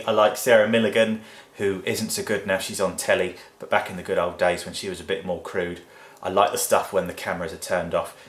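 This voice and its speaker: A man's voice: low voice, a bit bright. A man from England answering viewer questions in a blunt, sweary, chatty vlog. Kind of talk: casual Q&A vlog. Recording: echoey room.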